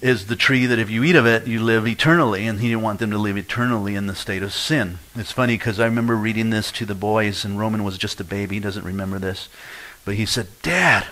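Man, middle-aged, pastor, sermon, storytelling testimony, somewhat low voice. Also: fairly even intonation, fast talker, a bit bright, low-quality recording. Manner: storytelling, acts out quoted voices with laughs. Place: church.

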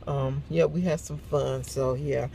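A gravelly older woman telling stories in a relaxed morning chat. She talks like a natural storyteller, slipping into the voices of the people she quotes and laughing along the way. A faint car hum sits in the background. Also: rumbling low, measured pace. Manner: chatty storyteller who acts out quotes; laughs often. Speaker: vlogger.

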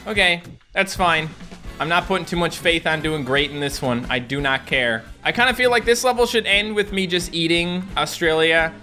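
A man's voice: on the high side, normal speed, sharp tone, soft background music. A young man hosting a let's play, chatting casually and rambling off into asides to his viewers. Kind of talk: casual game commentary.

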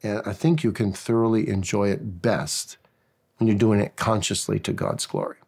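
A man's voice: on the low side, moderate pace, gravelly, darkish tone, husky. A man who is a pastor and interview guest, answering in an earnest preaching style with stories and frequent restarts.

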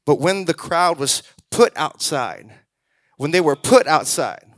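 A man preaching a sermon as a pastor, acting out quoted voices and building to loud exhortations. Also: a little high, animated, a little slow, no echo, studio quality.

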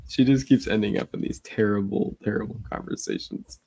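A deep-voiced man with a gravelly, creaky edge co-hosts a casual podcast. His sound is close and dry, with no room around it. He chats loosely and drops wry, sarcastic asides. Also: fairly even intonation, fairly quick, mellow, dry recording. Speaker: podcast co-host. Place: remote call.

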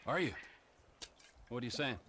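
An actor playing a volatile, unhinged middle-aged criminal in a video game, with a gravelly voice that swings between mocking menace and shouting. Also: male voice, medium pitch, normal speed, a little hiss or hum, natural voice.

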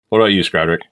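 A man's voice: deep voice, fairly bright tone, slight background noise. A man hosting a casual commentary podcast, a rambling storyteller full of fillers who laughs often. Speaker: podcast host.

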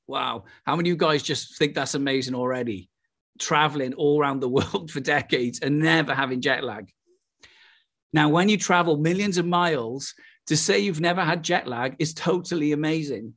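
A middle-aged Welsh man preaching with exuberant, excitable energy. His voice sits fairly high for a man, and he tosses out exclamations as he goes. It has the feel of a charismatic sermon. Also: moderate pace. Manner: exuberant, breaks into laughter and exclamations.

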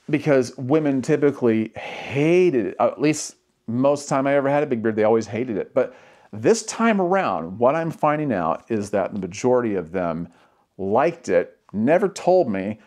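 A man talks casually to his viewers in a vlog, telling a personal story. He rambles a bit, restarts his sentences and laughs now and then. His voice sits at an ordinary middle pitch. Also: darkish tone. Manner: chatty and rambling, with many restarts and little laughs. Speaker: vlogger.

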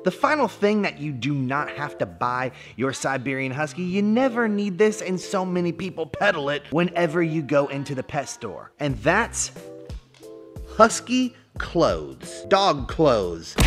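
A young man giving a goofy, playful pet-product review vlog, breaking into silly voices. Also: fairly high pitch. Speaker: vlogger.

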